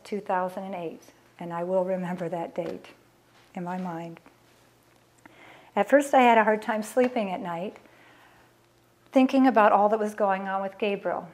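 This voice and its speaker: A woman's voice: medium pitch, a little mellow. Earnest middle-aged woman telling a personal story. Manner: emotional, earnest, acts out past conversations. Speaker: mother telling her family's story.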